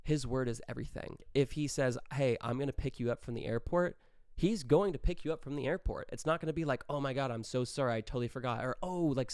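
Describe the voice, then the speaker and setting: Animated young man, smooth clear voice. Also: medium pitch, no echo, clean studio sound. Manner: animated, acts out quick quoted exchanges. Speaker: podcast host. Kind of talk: casual solo monologue.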